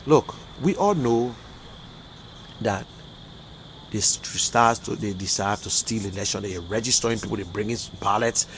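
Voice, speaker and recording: A man's voice: on the low side, normal speed, long pauses, slight background noise. A man with a Liberian accent giving heated political talk on a livestream, emphatic and exasperated, repeating his points. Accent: Liberian English. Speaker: livestream commentator.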